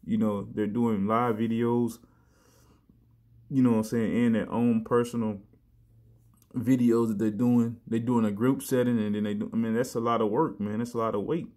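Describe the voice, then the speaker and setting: A man giving a casual sermon, talking in a loose conversational way, often saying "man" and "you know", and reading verses slowly with emphasis. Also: medium pitch, flat delivery, dark tone. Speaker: preacher.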